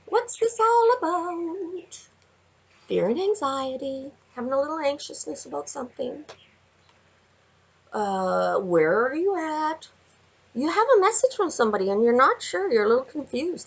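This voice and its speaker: A woman giving a chatty tarot card reading, laughing often and talking to viewers in animated asides. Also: high-pitched, measured pace, vocal fry, low-quality recording. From Canada. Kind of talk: casual tarot reading vlog. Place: home with window view.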